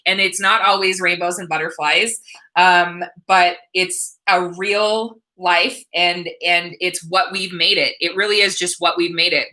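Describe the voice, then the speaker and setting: An American woman in her thirties answering viewer questions on a livestream, earnest and emotional, with many halting restarts. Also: fairly low pitch, bright, forceful tone, poor audio. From United States. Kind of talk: livestream Q&A chat.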